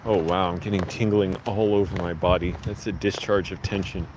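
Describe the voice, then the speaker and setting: A man with a lowish voice rambles to the camera as he strolls along outdoor streets. Passing traffic and street noise come through clearly behind him on this handheld walking vlog. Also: fairly even intonation, brisk. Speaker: vlogger.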